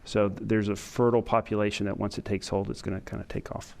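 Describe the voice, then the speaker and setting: Halting man lecturing, smooth voice. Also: fairly low pitch. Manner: self-described monotone, halting with frequent fillers. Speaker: emergency physician giving a training lecture. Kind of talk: conference lecture to EMS staff. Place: lecture room with an audience.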